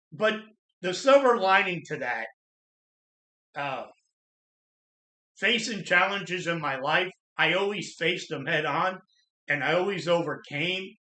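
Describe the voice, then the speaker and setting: A middle-aged man hosting his channel, earnestly telling his own life story in a plain-spoken, halting way. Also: on the high side, bright, forceful tone. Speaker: channel host sharing personal trauma story. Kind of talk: personal storytelling monologue. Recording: echoey room.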